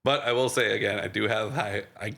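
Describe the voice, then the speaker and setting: A man's voice: on the low side, fairly even intonation, brisk, gravelly, pushed and bright. A man co-hosting a podcast, chatting casually about a movie, laughing often, swearing and restarting his sentences. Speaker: podcast co-host. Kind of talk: casual movie review chat.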